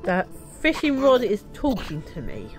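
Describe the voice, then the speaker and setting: Excitable woman playing a game. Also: mid-range voice, unhurried, faint music behind. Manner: excitable, talks to viewers, squeals and laughs. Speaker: game streamer. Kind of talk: casual let's-play commentary.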